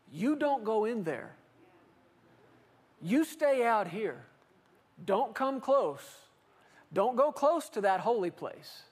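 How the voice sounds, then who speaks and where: A male preacher delivering a lively sermon, asking rhetorical questions and acting out quotes. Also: high-pitched. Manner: animated, rhetorical, with acted quotes.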